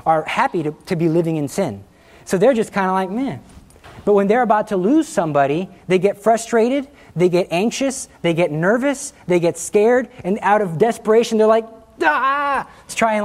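A man in his thirties, a Catholic speaker, telling a personal faith story in an informal talk, lively and acting out voices. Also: high-pitched. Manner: animated, acts out quotes, laughs at himself. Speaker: Catholic speaker giving a testimony.

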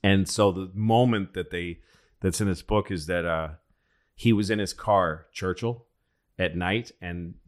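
A man's voice: sits low, measured pace. A man telling history stories in a rambling, profane, casual way as a podcast co-host. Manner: rambling, profane, acts out quotes.

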